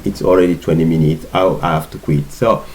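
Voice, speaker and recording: A man giving an informal language lesson, patiently repeating words in slow drills. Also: sits low, steady tone, darkish tone, poor audio. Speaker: language teacher.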